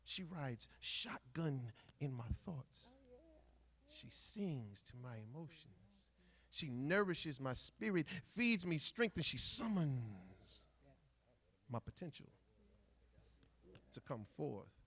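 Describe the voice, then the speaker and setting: A man performing a spoken word poem on stage, rhythmic, dropping to hushed murmurs and rising to loud bursts. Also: on the high side, sing-song, slow, long pauses, slightly rough.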